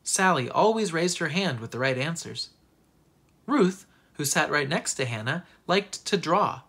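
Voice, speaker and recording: A teacher reading a children's picture book aloud with expressive narration. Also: medium pitch, a little slow, slightly rough. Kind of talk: storybook read-aloud.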